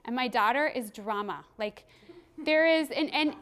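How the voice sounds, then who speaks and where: A woman in her thirties giving a workshop presentation as a trainer, animated and quick to laugh. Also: sits high. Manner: animated, laughs often, acts out quoted voices. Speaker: parenting and behavior trainer.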